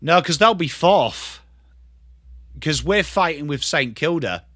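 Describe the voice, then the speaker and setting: High, bright-voiced English livestream host. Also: male voice, slow pace, dry recording, clean studio sound. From England. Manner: switches between excited play-by-play calls and casual, swearing banter with chat. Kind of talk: live football watchalong commentary.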